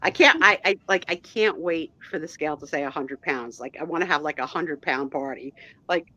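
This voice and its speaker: A woman's voice: sits low, fairly quick, sharp tone, highs cut off. A woman chatting casually as a guest on a live stream, rambling with restarts over a video call. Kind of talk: casual chat.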